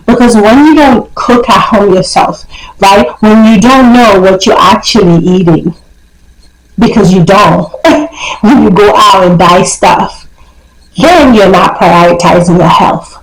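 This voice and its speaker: A woman's voice: medium pitch, roomy sound, low-quality recording. A young woman talking to camera in a casual, emphatic way, giving life advice and often checking in with "okay?". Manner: emphatic, repeats points, coaxing "okay?". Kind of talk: casual motivational talk to camera.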